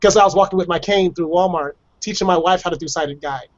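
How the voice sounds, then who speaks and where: Chatty high-voiced man on a lo-fi call. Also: fast. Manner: chatty, laughs often, acts out voices of others. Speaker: guest telling personal stories. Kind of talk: casual storytelling on a video call show. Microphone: video call microphone.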